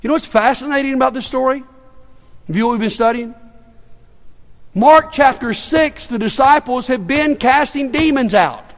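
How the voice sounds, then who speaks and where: High-voiced pastor preaching in an echoing hall. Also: male voice, moderate pace. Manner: earnest, with stammered repetitions. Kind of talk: sermon. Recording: long reverb in a large hall.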